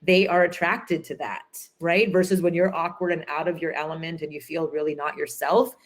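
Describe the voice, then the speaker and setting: Woman, low pitch, conference guest, animated storyteller, lots of fillers. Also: normal speed. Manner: animated storyteller, acts out quotes, many fillers. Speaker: entrepreneur guest.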